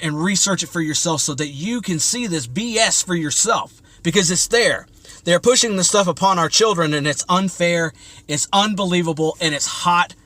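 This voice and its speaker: Fired-up preachy man, bright voice. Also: on the high side. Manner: agitated, repetitive, preachy. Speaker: religious vlogger. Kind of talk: impassioned commentary to camera.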